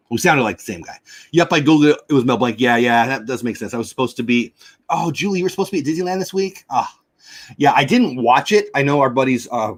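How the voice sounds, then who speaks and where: A man's voice: medium pitch, husky. A man hosting a casual livestream, chatting with viewers and reading aloud with stumbles and rambling asides. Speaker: livestream host.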